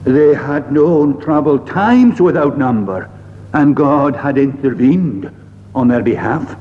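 A man preaching a sermon in a slow, measured way, pausing often and quoting old scripture phrasing, recorded in a church. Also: medium pitch, expressive, slight background noise. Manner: slow, measured delivery with frequent "uh" pauses and archaic scripture phrasing. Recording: dull lo-fi recording in a reverberant hall.

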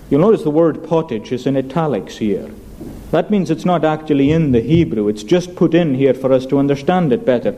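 A man's voice: on the high side, expressive, normal speed, dark tone, rough recording. A male preacher giving a sermon, emphatic, asking rhetorical questions and repeating key phrases.

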